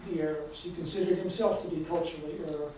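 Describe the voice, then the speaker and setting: Brief: male author, mellow voice, halting with fillers, heard far off in a very echoey lecture hall with faint noise. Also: fairly high pitch, fairly even intonation. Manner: hesitant, many fillers. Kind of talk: book talk and reading.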